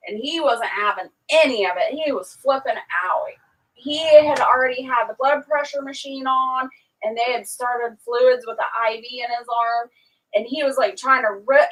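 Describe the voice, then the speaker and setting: A woman's voice: far from the mic, poor audio. A woman hosting a livestream, casually telling a long story and acting out what people said. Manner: animated, acts out quotes with raised pitch.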